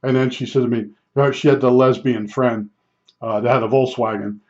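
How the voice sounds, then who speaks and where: Older man, mid pitch, rambling blunt storyteller; dull lo-fi audio. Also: steady tone, normal speed, darkish tone. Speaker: vlogger. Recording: dull lo-fi sound.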